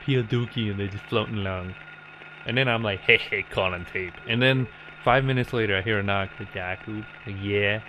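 A man streaming a game, telling a funny story in a playful, teasing, animated way. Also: fairly low pitch, a little fast, highs cut off. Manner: playful, animated, teasing, keeps saying "girl". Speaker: gaming streamer. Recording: steady background noise.

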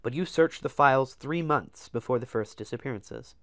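A man reading aloud and voicing a short, heavy, weary old king who talks softly in a hushed, half-whispered way. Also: mid-range voice, normal speed, dry recording, studio quality, voice pushed up, natural voice. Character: short fat old male king, soft-spoken and weary. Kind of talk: dramatic reading of a novel.

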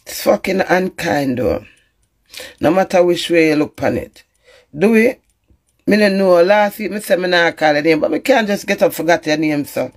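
A woman's voice: on the low side, lively intonation, normal speed. A Jamaican woman in an emotional live-stream rant, pleading and emphatic and swearing often. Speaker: social media personality.

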